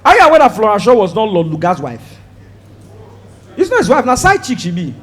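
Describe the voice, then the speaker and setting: A man with a Nigerian accent doing a stand-up comedy set, loud and animated, acting out voices and shouting his punchlines. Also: high-pitched, brisk, breathy edge. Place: stage before a live audience.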